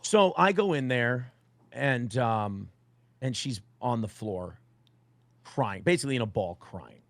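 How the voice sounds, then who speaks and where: A man's voice: mid-range voice, a little slow, no echo. A man in his forties telling a story on a stream in blunt, profane language, acting out what others said. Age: 40s. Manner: blunt, profane, animated retelling with quoted voices. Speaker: guest.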